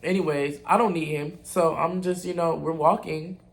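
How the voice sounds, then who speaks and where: Young male vlogger, upper-pitched, candid and profane storyteller. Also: fairly even intonation, moderate pace, creaky, background noise. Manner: candid, blunt and profane, talks straight to viewers. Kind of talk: casual storytime.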